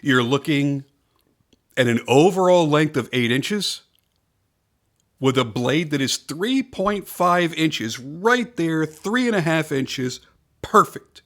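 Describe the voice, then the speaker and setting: A man's voice: a little high, animated, slow, a bit bright. Man giving an emphatic knife review. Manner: enthusiastic, emphatic, repeats points for stress. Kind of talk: casual product review.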